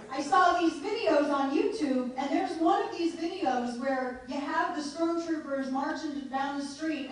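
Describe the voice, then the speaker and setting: A woman's voice: high-pitched, background noise. A woman giving a joking, informal speech to a live audience at a political meeting. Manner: chatty and joking, laughs often. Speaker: guest speaker at a political meeting. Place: meeting hall. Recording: echoey hall heard from far off.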